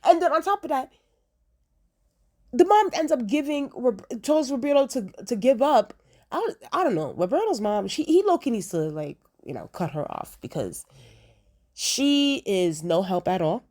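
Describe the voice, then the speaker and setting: A woman's voice: on the high side, big pitch swings, moderate pace, a little mellow. A young woman talking through a TV episode in a casual review vlog, chatty and emphatic, repeating herself for effect. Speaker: TV show reviewer.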